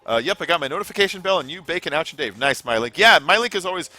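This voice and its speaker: A man's voice: on the high side, expressive, racing, bright, forceful tone, dry recording. A man chatting casually on his live gaming stream, rambling and swearing now and then, with music playing behind him. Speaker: gaming livestreamer.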